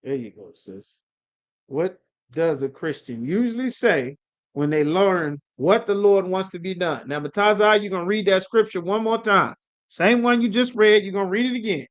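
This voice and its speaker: A man with a fairly high voice runs a live online scripture class, calling on students and teasing them in loose, slangy talk. The audio is dull and lo-fi, like a stream through a video call. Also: animated, moderate pace. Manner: calls on students, chiding and coaxing, slangy. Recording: lo-fi livestream audio.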